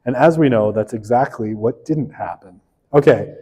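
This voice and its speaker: A man's voice: medium pitch, moderate pace, warm tone, slightly rough, long reverb tail, low-quality recording. A man giving a casual university sociology lecture, chatty and self-deprecating, often checking in with "right?". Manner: chatty, frequent "right?" tag questions, self-deprecating asides.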